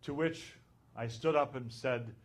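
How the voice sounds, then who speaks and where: Male abbot at a conference who tells his story very slowly and recounts each line of dialogue. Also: medium pitch.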